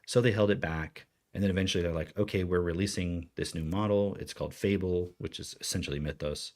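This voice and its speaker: A man's voice: sits low, fairly even intonation, brisk, darkish tone. A man co-hosting a podcast, explaining in loose casual chat with many fillers. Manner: rambling, filler-heavy explaining. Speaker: podcast co-host.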